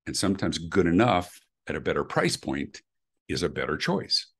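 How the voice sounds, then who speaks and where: A man's voice: sits low, very animated, moderate pace, husky. A middle-aged man speaking intensely and emphatically as an interview guest on customer experience. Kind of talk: animated interview answers.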